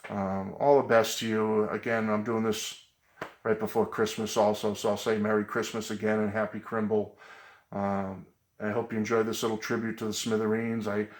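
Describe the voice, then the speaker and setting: A man's voice: lowish voice, flat delivery, normal speed. Earnest rambling man in an echoey room. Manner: rambling, earnest, many ums and uhs. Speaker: vlogger. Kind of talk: casual tribute vlog. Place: home music room.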